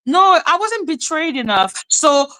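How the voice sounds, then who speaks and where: Bright-voiced woman ranting on a livestream. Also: high-pitched, sing-song, unhurried. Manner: heated, rambling, full of "like" fillers. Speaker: livestream host. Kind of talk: casual livestream rant.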